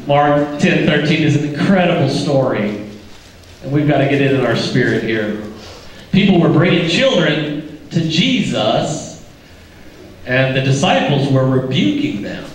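A man's voice: a little high, expressive, unhurried. Older male pastor, folksy and joking, questions the pews, heavy church echo, mic well off, faint room hum. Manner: folksy, joking, quizzes the congregation. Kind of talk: sermon. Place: church sanctuary. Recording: echoey church from a distance.

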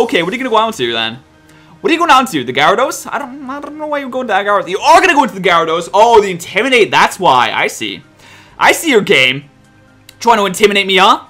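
Young guy commentating his game, high lively voice, keeps groaning at the other player, faint music behind. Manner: exasperated, self-mocking, talks to his opponent. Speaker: gaming commentator.

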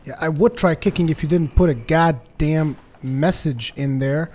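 A man doing joking, sarcastic gameplay commentary, getting excited during fights. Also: a little high, normal speed. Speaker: let's play commentator.

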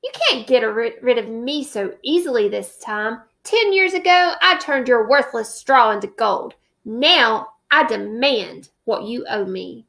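A woman reading a storybook aloud and voicing a strange little man who is menacing and demanding, with a high, squeaky voice. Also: animated, unhurried, vocal fry, hardly any pauses, fairly bright tone, full character voice.

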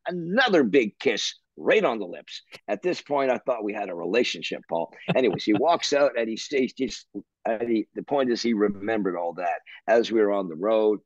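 An older man from Canada telling a rambling story in a husky, breathy voice. He is animated, with restarts and the odd curse. The recording is dry and dull. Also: on the low side, moderate pace, no room sound. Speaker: interview guest, musician. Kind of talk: anecdotal storytelling.

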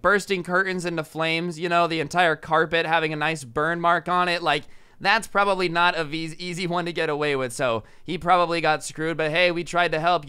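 Young male storytime vlogger, bright and crisp, animated delivery, filler "like" throughout. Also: fairly high pitch. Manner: animated, shouts out quoted lines, says "like" a lot. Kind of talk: casual storytelling.

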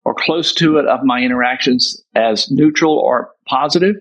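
A man psychologist, a guest on a podcast, explaining his ideas in a measured way. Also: medium pitch, fairly bright tone, low-quality recording. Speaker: psychologist and book author. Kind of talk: podcast interview answer.

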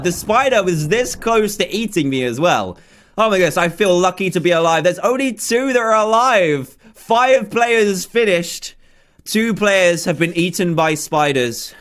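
A young man hosting a gaming channel, giving excited commentary as he plays, often shouting and cheering at the game. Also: high-pitched.

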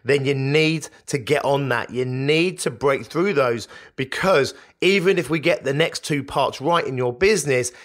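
A man's voice: mid-range voice, a bit bright. A man hosting a solo business podcast, coaching listeners in an emphatic, repetitive way. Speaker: podcast host.

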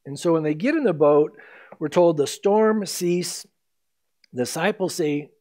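A man with a high, light voice delivers an expository sermon from the pulpit. He walks the congregation through the passage in a lively storytelling way, acting out the voices of the people in the story. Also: a little slow. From United States. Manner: animated storytelling, acts out quoted lines. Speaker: pastor.

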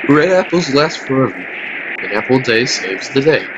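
A tired man giving rambling, chatty commentary over a video game, with quieter mumbled asides. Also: mid-range voice, sing-song, unhurried, background noise. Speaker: gameplay commentator.

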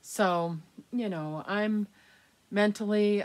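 A middle-aged woman vlogging candidly to the camera, rambling and laughing softly as she talks. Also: on the low side, takes it slowly. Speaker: reborn doll collector vlogger. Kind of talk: casual chat to camera.

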